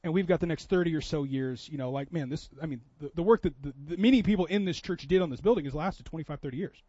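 A pastor preaches a sermon in church, starting conversationally with a story and building to impassioned preaching. His voice is fast, on the high side and dark-toned, in a muffled recording without echo.

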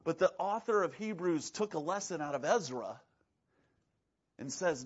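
A man preaching a sermon as pastor, animated, acting out quoted voices and swinging between loud and hushed delivery. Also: on the high side, normal speed, long pauses, slightly rough. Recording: dull lo-fi sound.

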